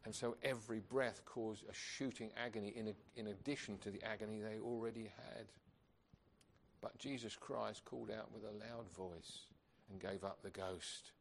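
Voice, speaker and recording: A man's voice: on the low side, steady tone, moderate pace, vocal fry, a little hiss or hum. A man preaching a sermon, earnest and emphatic, asking rhetorical questions of his congregation.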